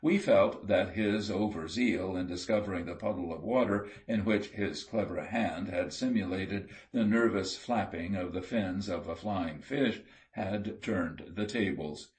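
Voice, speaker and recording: A man reading an audiobook sea story aloud in a steady, measured storytelling manner. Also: low-pitched. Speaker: audiobook reader. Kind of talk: scripted narration.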